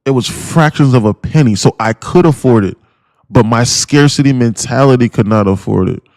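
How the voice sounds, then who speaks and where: A man hosting a trading live stream, lecturing his viewers in a blunt, pushy rant full of profanity and repeated phrases. His voice sits at an ordinary pitch. The sound is dry and close, with no room echo. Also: normal speed, darkish tone. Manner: addresses viewers as guys and bro. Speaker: day-trading streamer and mentor.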